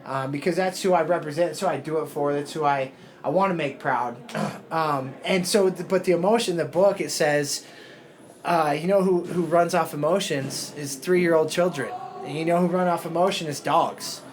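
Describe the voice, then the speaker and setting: Rambling, emotional man with a high voice. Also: a little hiss or hum. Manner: rambling, emotional, swears a lot. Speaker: fighter guest. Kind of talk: casual podcast interview.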